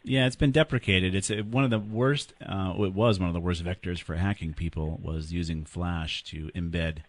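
A man hosting a call-in computer help radio show, explaining things in a relaxed, friendly way. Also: deep voice, normal speed. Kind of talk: call-in tech radio talk.

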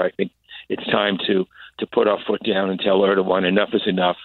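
An older man, a congressman, answering interview questions over the phone, halting with many fillers and restarts. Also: low-pitched, little pitch movement, no echo. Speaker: congressman guest. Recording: tinny phone line.

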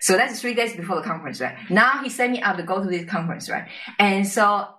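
Bright-voiced woman with a Chinese accent. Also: mid-range voice, poor audio. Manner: lively, tag questions and quick restarts. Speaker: podcast guest. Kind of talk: conversational storytelling interview.

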